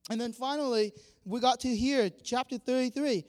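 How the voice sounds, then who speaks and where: A high-pitched man delivers a lively sermon, acting out the voices of the people he quotes. His words ring out with a long reverb, as in a large hall. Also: moderate pace. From Vietnam. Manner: animated, acts out quoted dialogue, laughs often. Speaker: pastor.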